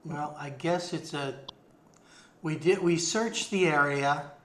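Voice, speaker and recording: A man's voice: fairly high pitch, slow pace. A man playing a tabletop game, speaking in a casual, matter-of-fact way. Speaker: player.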